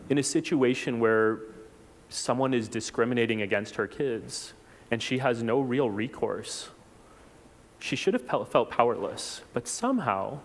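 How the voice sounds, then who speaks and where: A man from South Texas giving a reflective personal talk at a church forum, unhurried, with small restarts. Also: lowish voice. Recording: long hall reverb.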